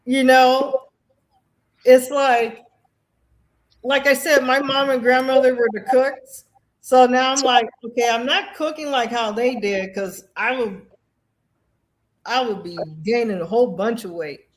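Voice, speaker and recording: A woman's voice: high-pitched, moderate pace. A middle-aged woman telling stories about grief and faith, acting out the voices of the people she quotes. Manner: animated storytelling, acts out quoted voices. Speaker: guest, Air Force veteran. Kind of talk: emotional conversation about grief.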